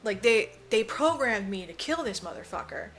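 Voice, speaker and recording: A woman's voice: on the high side, expressive, normal speed, fairly bright tone, a little hiss or hum. A woman co-hosting a podcast, casually recapping a film and acting out the characters' lines, with plenty of fillers and swearing. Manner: swears freely, lots of "like" fillers. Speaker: podcast co-host. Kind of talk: casual movie recap chat.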